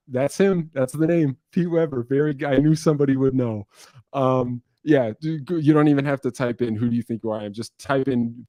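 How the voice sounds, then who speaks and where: A man's voice: medium pitch, mellow, no echo. A young man from New Jersey, answering viewer questions in a casual livestream, rambling and swearing with self-deprecating asides.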